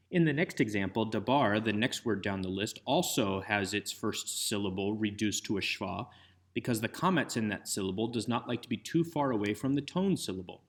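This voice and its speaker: A man with a low voice delivers a recorded grammar lecture over slides. He walks through each point methodically, step by step, like an instructor going over a chart. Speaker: Hebrew instructor.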